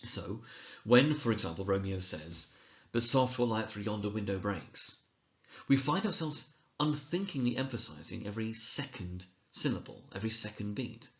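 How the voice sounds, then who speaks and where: A low-voiced man talks through a recorded lecture in a measured, explanatory way and reads quotations slowly for effect. The recording is roomy and a little dull. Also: animated, fairly bright tone. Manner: explanatory, measured, with occasional slips and restarts; reads quoted lines slowly and dramatically. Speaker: teacher trainer.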